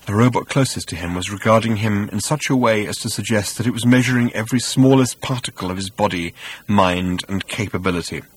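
Male audiobook narrator, low and husky, wry measured delivery, dry close mic. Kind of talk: scripted narration.

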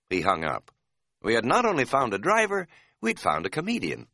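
A man reads an audiobook with a wry, deadpan humor, his low voice swooping widely in pitch. The tone is bright and forward, and the close studio mic leaves no room sound. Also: moderate pace, creaky, no echo. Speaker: narrator. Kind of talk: scripted audiobook narration.

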